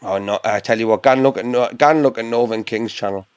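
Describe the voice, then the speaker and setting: A man's voice: mid-range voice, quick pace, smooth, no echo. A British man in casual live-stream banter on a video call, teasing, rambling and swearing freely. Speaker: panel guest.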